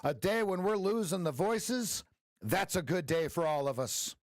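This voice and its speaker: A man coaching live trades on a stream, talking straight to viewers and checking in with a quick "right?". His voice sits a little high and is starting to go hoarse. The sound is close and dry, with no room around it. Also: no echo. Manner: energetic, talks straight to viewers with frequent "right?". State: losing his voice. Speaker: trading coach. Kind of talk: live-stream trading commentary.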